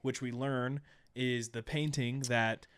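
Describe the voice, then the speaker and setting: Smooth-voiced man recapping a film plot. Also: mid-range voice, fairly even intonation, slow, a bit bright, no room sound. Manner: retelling the plot, acting out the characters' lines. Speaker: podcast co-host. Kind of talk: casual movie recap chat.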